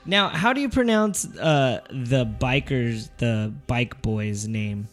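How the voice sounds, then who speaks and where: A man's voice: medium pitch, animated, slow, a bit bright, faint music behind. Casual man retelling a comic plot. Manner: loose, joking retelling with acted quotes. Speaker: podcast co-host. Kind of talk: casual comic book review chat.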